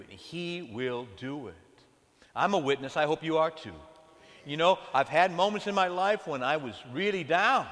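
Pastor guy preaching, voice sits kinda high, long echo off the church walls. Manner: animated preaching, calls out to the congregation. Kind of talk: sermon. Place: church sanctuary. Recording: long hall reverb.

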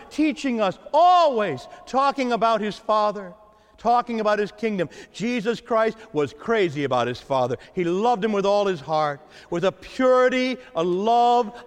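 Man preaching in a church, emphatic repeats, high and animated, echoing hall. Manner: preaching with dramatic pauses and emphatic repetition. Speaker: pastor. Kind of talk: sermon.

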